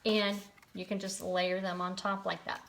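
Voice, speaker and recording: A woman's voice: medium pitch, flat delivery, moderate pace, vocal fry, noisy background. A woman leading a live card-making tutorial, chatty and encouraging, greeting viewers by name.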